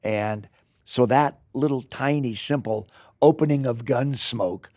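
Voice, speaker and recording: An older man, an actor, telling rambling, animated stories in an interview, with acted asides. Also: mid-range voice, a little slow, no room sound, clean studio sound. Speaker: actor guest. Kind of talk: anecdotal interview storytelling.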